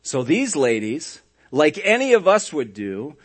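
Male pastor, fairly high voice, animated sermon storyteller with dry sarcastic asides. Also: unhurried, breathy edge. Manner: animated storytelling, swinging between hushed and loud.

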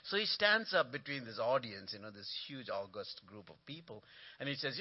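A man's voice: medium pitch, moderate pace, breathy edge, muffled recording. A man preaching as a guest speaker in a church, telling jokes and calling out to the congregation. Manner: animated storytelling with punchlines and congregation call-and-response. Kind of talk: sermon. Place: church sanctuary.

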